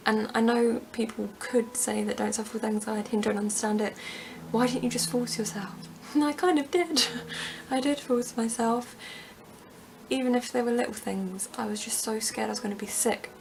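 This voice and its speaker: A young woman talks candidly to camera in a personal vlog, her slightly high voice tumbling through the story with nervous laughs. A gravelly fry sits under her words, and a faint hiss of background noise runs behind. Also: steady tone, normal speed. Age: young adult. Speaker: vlogger.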